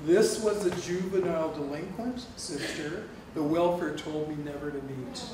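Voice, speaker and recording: Man, middle-aged, lively personal storytelling, voices the other people in the story, distant mic, roomy echo. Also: fairly high pitch, moderate pace. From Canada. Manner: animated, acts out dialogue, laughs often. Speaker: guest speaker. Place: lecture hall on a campus. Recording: distant, echoey room recording with noise.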